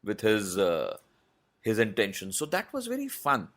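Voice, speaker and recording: A man, a voice artist answering interview questions in a measured, explanatory way with many pauses. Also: on the low side, wildly swooping pitch, a bit bright. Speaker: voice artist guest.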